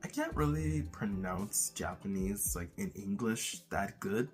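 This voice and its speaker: A man's voice: fairly low pitch, animated, a little slow, soft background music. A man talking casually to camera as a vlogger, playful and chatty, slipping into mock accents now and then.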